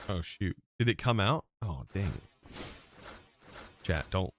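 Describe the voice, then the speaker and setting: A man with a low, animated voice streams a modded block-building game, speaking slowly with long pauses over slight background noise. In this casual live-stream chat he talks with his viewers while playing and mutters lists to himself.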